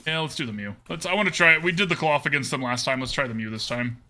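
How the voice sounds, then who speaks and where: A man's voice: a little high, fast talker, sharp tone. A man streaming a card game live, chatting casually with his viewers and laughing often. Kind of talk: live gameplay commentary.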